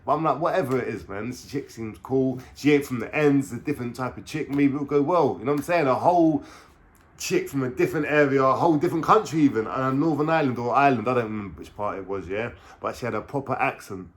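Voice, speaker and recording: A man in his thirties with a London accent, telling a story to his viewers in a casual, slangy way, full of swearing and asides, his voice often dropping low and quiet before bursting back up. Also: fast. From England. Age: 30s. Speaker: vlogger.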